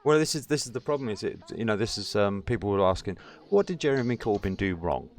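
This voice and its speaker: A man's voice: on the low side, animated, quick pace. A man hosting a casual political chat, blunt and sweary, ranting with heat. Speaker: podcast host.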